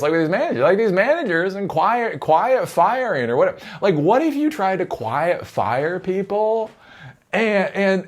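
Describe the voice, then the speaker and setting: Male vlog host, rambling, profane, laugh-prone, very animated pitch. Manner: rambling, laughs often, swears. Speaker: tech commentator. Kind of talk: casual commentary vlog.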